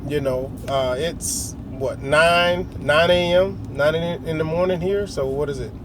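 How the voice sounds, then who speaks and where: A man's voice: fairly high pitch, measured pace, noisy background. A middle-aged man telling a long, rambling story in a casual, slangy way, often acting out other people's lines. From United States. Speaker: vlogger.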